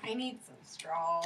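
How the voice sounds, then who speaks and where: A woman off camera, chiming in with laughing, teasing remarks. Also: high-pitched. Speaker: off-camera companion.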